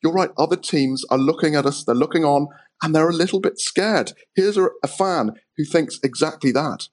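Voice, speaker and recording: A man's voice: on the high side, normal speed. A man working as a reporter, chatting conversationally with the host on a radio talk show.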